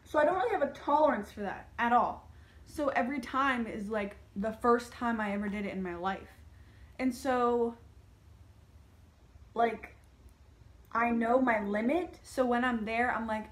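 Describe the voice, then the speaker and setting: A young woman vlogging a casual rant, chatty and full of "like", slipping into animated quoted asides. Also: a little high, unhurried.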